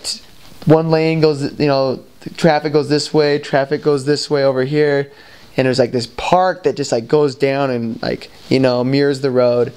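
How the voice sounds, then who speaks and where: A man's voice: mid-range voice, darkish tone, clean tone. A young man from the United States casually telling a story about his missionary days, full of fillers and asides. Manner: rambling, full of "like" and "you know". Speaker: returned missionary.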